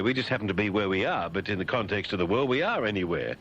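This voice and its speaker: A man with an Australian accent, a radio host riffing sardonically in a deadpan monologue on a lo-fi broadcast recording. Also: on the low side, fast talker, hardly any pauses. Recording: dull lo-fi radio broadcast with faint hiss.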